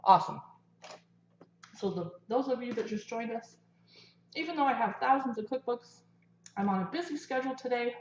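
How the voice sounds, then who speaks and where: A woman with a slightly high voice runs a casual cooking livestream from her home kitchen, chatting with viewers as she cooks and eats. The kitchen sounds echoey and a bit dull, with slight background noise.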